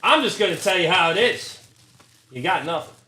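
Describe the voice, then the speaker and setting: Hosting a casual card break, a man with a high-pitched, expressive voice lists the hits at a moderate pace and rants between them in a blunt, profane, sarcastic way. The room echoes with faint noise, plus crinkling card wrappers and clicks in the background.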